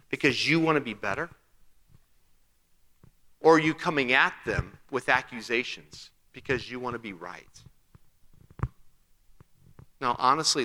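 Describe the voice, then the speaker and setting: Bright-voiced male pastor preaching in a reverberant hall. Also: mid-range voice. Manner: conversational preaching with rhetorical questions and acted-out quotes. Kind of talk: sermon.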